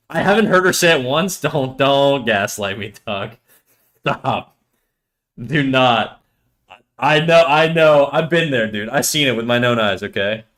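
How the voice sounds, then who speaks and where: A man's voice: mid-range voice, expressive, slow pace, pauses often, fairly bright tone. A man in his thirties, a livestreamer joking casually with his chat while he draws, laughing often. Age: 30s.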